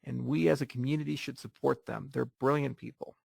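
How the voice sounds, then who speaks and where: Gravelly, blunt-talking man answering questions. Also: mid-range voice, steady tone, brisk, no room sound, studio quality. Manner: blunt, joking, profane. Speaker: host answering viewer questions. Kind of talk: casual livestream Q&A.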